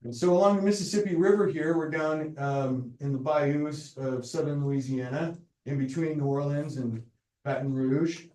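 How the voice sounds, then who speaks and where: A man's voice: fairly high pitch, fairly even intonation, moderate pace, darkish tone, far from the mic. A man giving a university lecture in a casual, joking way, often checking in with "right?". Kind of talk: classroom lecture. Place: lecture hall. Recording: echoey lecture hall, speaker off mic.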